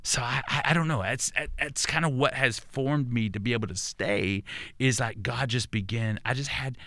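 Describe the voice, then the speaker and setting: Earnest older Texan pastor, dry close sound. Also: male voice, medium pitch, moderate pace, a bit bright, no echo. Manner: earnest, reflective, with many restarts and repeated words. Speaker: pastor, podcast guest. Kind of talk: conversational storytelling.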